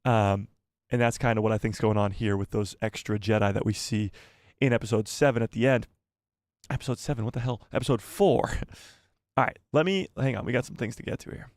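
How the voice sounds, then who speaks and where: A man's voice: fairly low pitch, fairly quick, a little mellow, no echo. A man hosting a live fan stream, chatting casually in a rambling, self-deprecating, joking way. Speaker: host of a live fan show.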